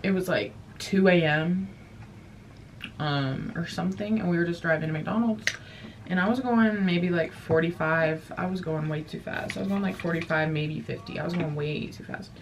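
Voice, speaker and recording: A woman's voice: lowish voice, normal speed, background noise. A young woman vlogger rambling through a casual storytime, full of fillers and casual swearing. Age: young adult. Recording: voice a bit distant from the mic, faint music behind.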